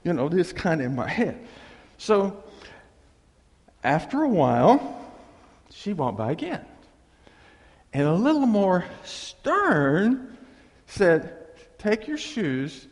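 A man telling a funny personal story to a live audience, animated and self-deprecating, dragging out his punchlines. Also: high-pitched, slow, long pauses. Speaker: speaker addressing a live audience. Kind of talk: humorous personal storytelling talk. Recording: long reverb of a large hall.

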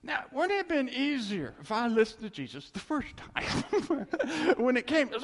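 Man, preacher, conversational sermon, lively swinging voice, long church reverb. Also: very high voice, moderate pace. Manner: animated and conversational, laughs between points.

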